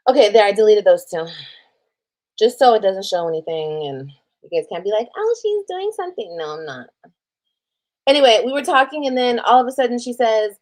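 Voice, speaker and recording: A woman's voice: mid-range voice, expressive, fairly quick, long pauses, a little mellow. A woman retelling a personal drama on a casual livestream, reading old texts aloud, swearing freely and reacting as she scrolls. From Texas. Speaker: streamer telling a personal story.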